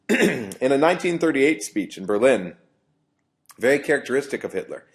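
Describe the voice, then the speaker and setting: A man's voice: medium pitch, big pitch swings, normal speed. A man, a professor, giving a university lecture in an explanatory way, often restarting phrases.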